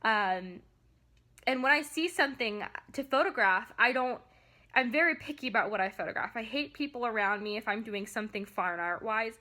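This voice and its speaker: A young woman rants to her camera, her voice bright and a little tense. She vents with plenty of ums and restarts, frustrated and close to tears. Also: on the high side, moderate pace. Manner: frustrated, emphatic venting with many fillers. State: upset, near tears. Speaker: vlogger and photographer. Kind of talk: ranting vlog to camera.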